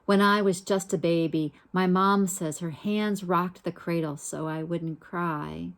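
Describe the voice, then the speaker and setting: Slow, gentle woman reading a storybook. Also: lowish voice, fairly even intonation. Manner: gentle, unhurried, pauses to ask listeners questions. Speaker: storybook reader. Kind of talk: reading a children's picture book aloud.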